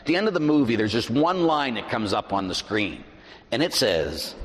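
Middle-aged pastor preaching in a reverberant church. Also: male voice, medium pitch, moderate pace. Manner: animated preaching, swings between loud and hushed. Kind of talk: sermon. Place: large church.

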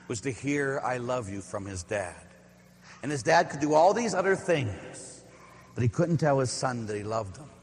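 A middle-aged man, a priest, preaching a sermon with stories, slowing down to stress key lines. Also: medium pitch, big-room sound, slight background noise. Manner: storytelling, emphatic with slow stressed lines. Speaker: Catholic priest.

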